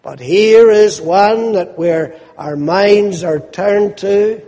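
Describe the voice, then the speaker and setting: Male preacher, very slow deliberate delivery, high voice, fervent emphasis. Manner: fervent, rising to loud emphatic declarations. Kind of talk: sermon. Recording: long hall reverb.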